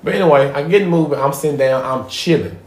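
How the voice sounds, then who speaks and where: A man hosting a casual podcast, telling a profane story with animated swings between loud bits and hushed asides. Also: fairly high pitch, quick pace. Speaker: podcast host. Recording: echoey room.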